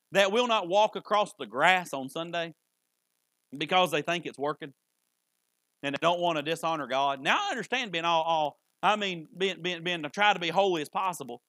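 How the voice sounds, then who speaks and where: High, bright-voiced preacher man. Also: no room sound. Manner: folksy, repetitive, stammers on restarts. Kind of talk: sermon.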